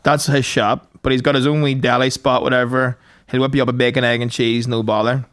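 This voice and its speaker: A man's voice: medium pitch, little pitch movement, brisk, fairly bright tone. A young Northern Irish man co-hosting a podcast, telling stories in a casual, sweary, laughing way. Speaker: podcast co-host. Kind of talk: casual chat.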